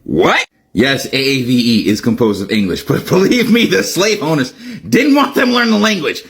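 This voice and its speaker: A man's voice: medium pitch, sing-song, normal speed, fairly bright tone. A man reacts to a clip with incredulous, exasperated commentary and frequent laughs.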